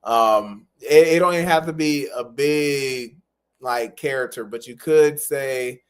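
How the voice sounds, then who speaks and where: A man's voice: mid-range voice, takes it slowly, clean tone. A man coaching interpreters in a live-stream feedback lesson. He explains things patiently and encouragingly, repeating his key phrases.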